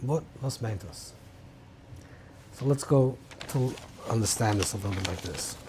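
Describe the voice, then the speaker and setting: A man's voice: on the low side, normal speed, background noise. A man teaching a rabbinical class in an informal lecture style, thinking aloud with many restarts and mixing Hebrew terms into English.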